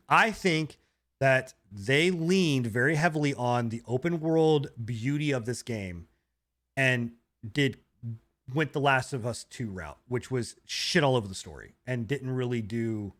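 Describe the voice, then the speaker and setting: A man co-hosting a gaming podcast, ranting in a rambling, animated way with swearing. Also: mid-range voice. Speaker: podcast co-host. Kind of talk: casual gaming podcast chat.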